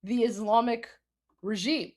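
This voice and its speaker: A woman's voice: a little high, fairly even intonation, unhurried. Emphatic woman hosting a live show. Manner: emphatic, repeats herself, many restarts. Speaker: host translating a video. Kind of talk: live commentary.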